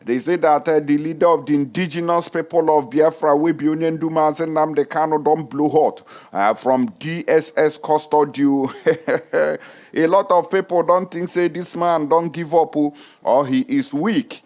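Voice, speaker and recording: A man with a Nigerian accent hosting an online news commentary, mixing Pidgin and English in an animated way. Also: on the high side, moderate pace.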